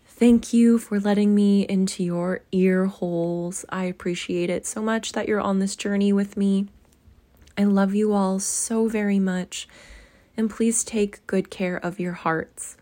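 A woman reading a classic novel aloud in a measured, expressive way, with a casual, chatty sign-off. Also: mid-range voice. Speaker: audiobook reader.

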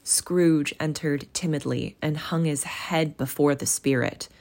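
A young woman with a low, creaky voice reads a classic story aloud at a measured pace. She is an audiobook reader and podcast host, and afterward she signs off casually, chatting with her listeners in a warm, affectionate, encouraging way.

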